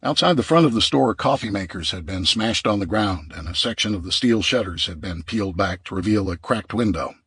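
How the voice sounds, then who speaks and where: A man reading a survival audiobook in a steady, measured narration. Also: fairly low pitch, husky, no echo.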